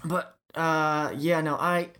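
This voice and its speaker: A man from the Netherlands, a guest on a casual podcast, talking playfully with halting restarts and slipping in and out of put-on accents. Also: fairly high pitch, flat delivery, bright, forceful tone. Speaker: guest, Let's Player.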